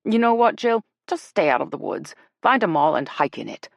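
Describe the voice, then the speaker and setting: A nosy, dramatic mother rattles on with theatrical outrage, as a woman narrator puts her on. Her voice swoops widely, though it sits low. The sound is close and dry. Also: big pitch swings, normal speed, gravelly, no room sound, heavily acted. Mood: fretful.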